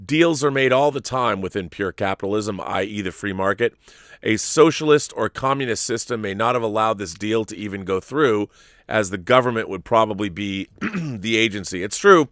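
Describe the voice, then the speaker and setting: A middle-aged man hosting a live stream, reading viewer messages and answering them in a halting, rambling way. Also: on the low side, animated, fairly bright tone, no echo, studio quality. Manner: rambling, halting, restarts often. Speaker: host.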